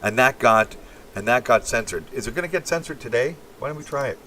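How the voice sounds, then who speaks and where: A man's voice: medium pitch, lively intonation, a little fast, bright, forceful tone, far from the mic, slight background noise. A man from Canada hosting a casual livestream, rambling bluntly and crudely as he reacts to chat messages. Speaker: livestream host. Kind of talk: casual live-stream chat.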